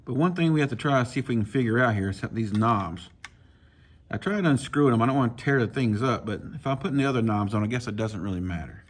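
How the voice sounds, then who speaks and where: A man, casually talking viewers through swapping a reel handle, folksy and relaxed as he works. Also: mid-range voice, quick pace, breathy edge. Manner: relaxed, talks to himself while working, folksy. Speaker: fishing channel host. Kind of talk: casual hands-on tutorial.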